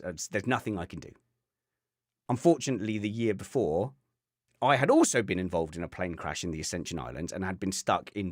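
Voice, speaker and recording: A man's voice: low voice, no echo, clean studio sound. A man co-hosting a podcast, telling a rambling, wry anecdote in casual chat and often breaking off to restart his sentences. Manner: rambling, self-interrupting, wry. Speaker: podcast co-host.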